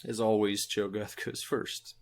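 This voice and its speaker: A man narrating a tabletop game as game master, slow and halting with many fillers. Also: lowish voice, flat delivery.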